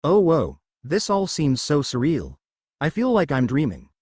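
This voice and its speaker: A man's voice: on the high side, wildly swooping pitch, measured pace, darkish tone, slightly rough, no echo, clean studio sound, heavily acted. A man voicing a polite, unsure teenage girl in a raised voice. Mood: surprised unsure.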